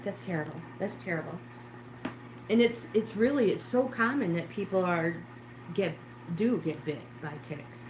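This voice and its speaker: A woman's voice: on the low side, animated, moderate pace, noisy background. A middle-aged woman from New York State, chatting rambly with viewers on a livestream while she cleans her kitchen, often exclaiming to herself. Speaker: livestream host. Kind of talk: casual chat while cleaning. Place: home kitchen, indoors. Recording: roomy echoey kitchen sound.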